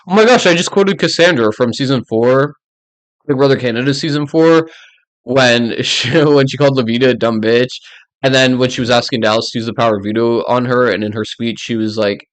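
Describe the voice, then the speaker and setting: A man's voice: mid-range voice, brisk. A young man rants casually to his audience as a YouTuber. He gives blunt opinions and rambles, with fillers all through his talk. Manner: blunt and ranting, with many "like" fillers. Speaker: YouTuber ranking reality show players.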